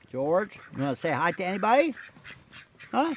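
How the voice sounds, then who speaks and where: A man chatting casually to his viewers and coaxing his pet goose along in a gentle way. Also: very high-pitched, big pitch swings, moderate pace, slight background noise. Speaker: vlogger and pet goose owner. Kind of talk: casual chat to camera and pets.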